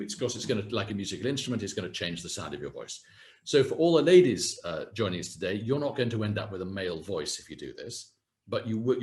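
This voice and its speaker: Male coach, 60s, low voice that swoops up and down, demonstrative and self-mocking, video call mic. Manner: animated, demonstrative, self-deprecating. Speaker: communication coach and presenter. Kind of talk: live online workshop talk. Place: home setting, UK. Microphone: video call webcam.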